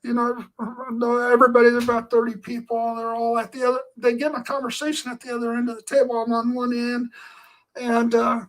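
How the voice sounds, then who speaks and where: A man's voice: very high-pitched, completely flat delivery, fairly quick, poor audio. A man giving an earnest personal testimony, telling his story in a meandering way with lots of filler phrases. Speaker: Christian speaker.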